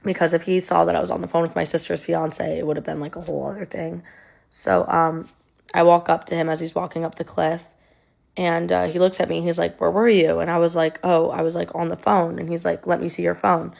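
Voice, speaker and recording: A woman's voice: fairly low pitch, little pitch movement, brisk, vocal fry, darkish tone. A young woman telling a personal story in a conversational way, with many ums and likes, her voice sounding emotional and near tears.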